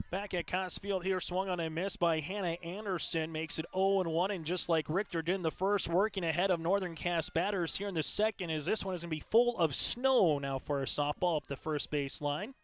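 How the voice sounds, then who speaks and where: High-voiced man calling softball play-by-play. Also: brisk, hardly any pauses, no echo. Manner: steady, conversational play-calling with stat rundowns. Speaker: play-by-play announcer. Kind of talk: live sports commentary.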